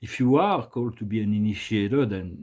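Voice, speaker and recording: A man hosting a casual spiritual video, soft-spoken and halting, often repeating words and restarting his sentences. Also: on the low side, expressive, poor audio. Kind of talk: casual spiritual vlog talk.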